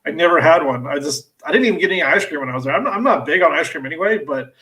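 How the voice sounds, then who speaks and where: American guest guy, kinda high voice, hesitant, trails off a lot. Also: expressive, very fast, bright, forceful tone, low-quality recording. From United States. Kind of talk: casual chat.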